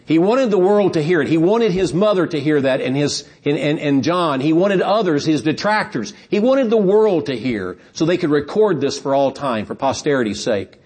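A man's voice: fairly high pitch, animated, normal speed, hardly any pauses, darkish tone, husky. A man preaching a sermon, earnest and explanatory, often repeating words as he builds toward emphatic points.

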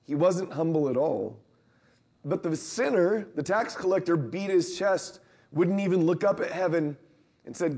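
A man's voice: animated, measured pace, a little mellow, slightly rough. A man preaching a sermon in a conversational way, acting out the lines of Bible characters with a rising voice. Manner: conversational, acts out Bible quotes with rising pitch.

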